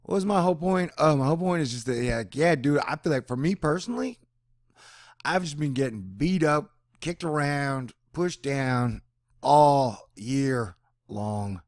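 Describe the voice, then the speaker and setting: A man talking in a rambling personal monologue, animated and drifting between topics, now and then slipping into mock voices. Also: on the high side, normal speed, dry recording, studio quality. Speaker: vlogger.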